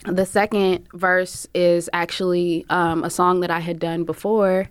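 Candid woman with a smooth, low voice. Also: flat delivery, measured pace, no echo. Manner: frank and profane, many "like" fillers, acts out quoted voices. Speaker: barber and singer telling her story. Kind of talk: candid personal storytelling.

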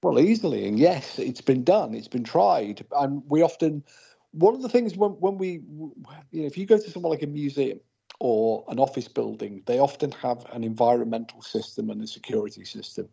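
Gravelly, husky man explaining. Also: medium pitch, expressive, fairly quick, mellow, dull audio. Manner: explanatory, thinks aloud with restarts. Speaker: co-host, paranormal investigator. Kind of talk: casual podcast chat.

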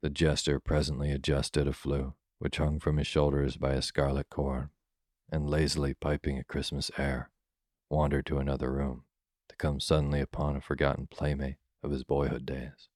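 A man reads a classic holiday tale for listeners drifting off to sleep. His voice is extremely deep and flat. The sound is close and dry, with no room around it. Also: no echo. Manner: calm, soothing, unhurried. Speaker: storyteller. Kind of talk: slow bedtime story reading.

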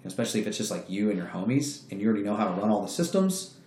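A man's voice: on the low side, very animated, racing, darkish tone, a little hiss or hum. A man telling a story in a casual, profane way, acting out the voices of the people he quotes. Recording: roomy echo.

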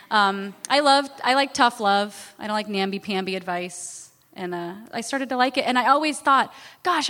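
A woman's voice: fairly high pitch, fairly bright tone, big-room sound. A woman guest in an interview, candidly telling a personal story in a chatty, self-deprecating way.

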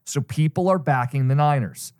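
A man's voice: on the high side, moderate pace, a little mellow, clean tone. A man co-hosting a sports betting podcast, teasing his partner, laughing often and walking through his picks in an orderly way. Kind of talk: casual sports betting chat.

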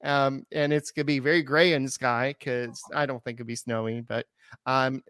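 A man's voice: medium pitch, little pitch movement, normal speed, a bit bright, smooth, no room sound, studio quality. A man co-hosting a sports podcast in casual chat, playful and hesitant, with many fillers. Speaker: podcast co-host.

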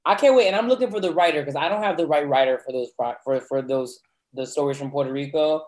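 A man's voice: on the high side, quick pace, darkish tone. A man who is a guest on a podcast, chatting casually in a playful, camp way.

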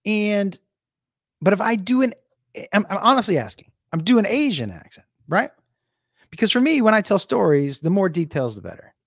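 Man, podcast host, casual chat, rambling and profane, lively pitch, dry close sound. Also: moderate pace, creaky, no room sound.

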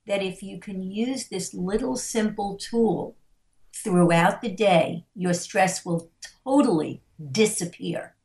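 A middle-aged woman who coaches on parenting and stress, telling stories slowly and emphatically and acting out the voices of the people in them. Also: medium pitch, a little mellow, echoey room. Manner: slow, emphatic, acts out the voices in her stories. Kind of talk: interview storytelling.

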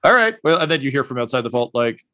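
Casual, halting game master man. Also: mid-range voice, fairly bright tone. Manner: casual, halting, filler-heavy. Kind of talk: narrating a tabletop game.

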